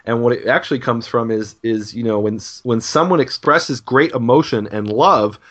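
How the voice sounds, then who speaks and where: A man's voice: medium pitch, moderate pace, fairly bright tone. A man explaining scripture in an earnest conversational way, often restarting his sentences. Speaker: Bible scholar co-host. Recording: dull lo-fi podcast audio.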